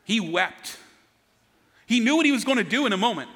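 A man's voice: high-pitched, lively intonation, a little fast, a bit bright. A man preaching a sermon in an earnest, conversational way, often repeating words as he goes. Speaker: pastor. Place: church sanctuary. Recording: long hall reverb.

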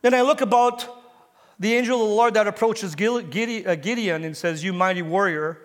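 High-voiced male pastor preaching in a hall. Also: moderate pace. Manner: storytelling, asks the congregation questions; builds to emphatic exhortation. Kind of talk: sermon. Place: church sanctuary.

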